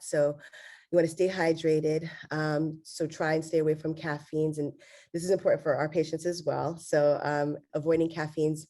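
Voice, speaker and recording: A woman laryngologist giving an online medical lecture, with a congested, nasal voice and frequent "um"s. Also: deep voice. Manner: steady explanatory delivery with frequent fillers.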